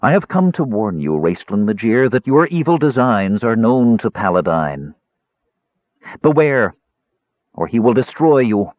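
A man voicing a proud young woman cleric who speaks crisply, coldly and formally, in an audiobook reading. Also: lowish voice, sing-song, a little slow, no echo. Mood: stern. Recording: dull lo-fi dry recording.

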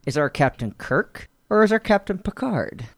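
A man's voice: a little high, sing-song, moderate pace, no room sound, studio quality. A man playing the chief of security in a tabletop role-playing game, joking and laughing along. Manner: playful, laughing.

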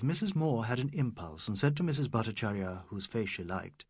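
A man narrating a literary novel in a measured, scripted reading. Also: mid-range voice, very animated, darkish tone, slightly rough, no echo, clean studio sound. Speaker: audiobook narrator.

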